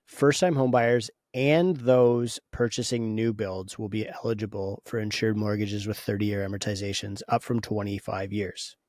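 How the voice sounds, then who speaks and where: A man's voice: lowish voice, level tone, normal speed, hardly any pauses, darkish tone, dry recording, clean studio sound. A man co-hosting a podcast in casual discussion, opinionated and thinking aloud with frequent restarts. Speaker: podcast co-host.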